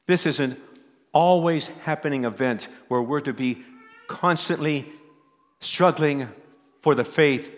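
A male pastor preaching a sermon, emphatic, repeating his key phrases. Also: fairly high pitch. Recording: echoey hall.

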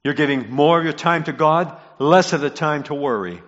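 A man preaching a sermon, moving from quiet, low-voiced reflection to loud, emphatic repetition of key lines. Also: normal speed. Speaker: pastor. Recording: muffled sound in a reverberant hall.

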